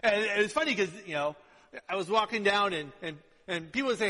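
A male pastor preaching a sermon in a conversational way, dropping to hushed asides and rising to loud emphatic lines. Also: high-pitched, expressive, quick pace. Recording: long hall reverb.

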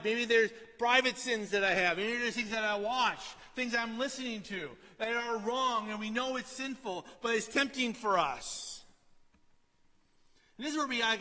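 A middle-aged man preaching a sermon in a conversational way, often asking "right?" and dropping to a quiet storytelling tone. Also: very high voice, long reverb tail. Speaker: pastor.

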